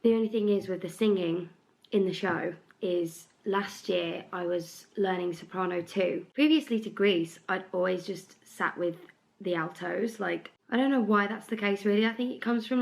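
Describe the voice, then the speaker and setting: Chatting in her vlog about musical rehearsals, this young British performer is bubbly and says "like" a lot, though she sounds slightly congested and tired. She speaks at normal speed in a mid-range voice with vocal fry.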